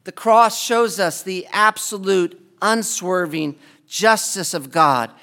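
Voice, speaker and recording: Bright, high-voiced impassioned male preacher. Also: slow. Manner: impassioned, rising to loud pleading climaxes. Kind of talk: sermon.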